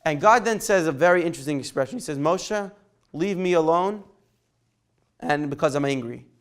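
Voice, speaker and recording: A man's voice: fairly high pitch, lively intonation, quick pace, fairly bright tone. A man teaching a Torah class in a conversational way, checking in with his students and taking their questions. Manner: conversational, takes questions by name, asks "right?". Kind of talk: informal Torah lesson.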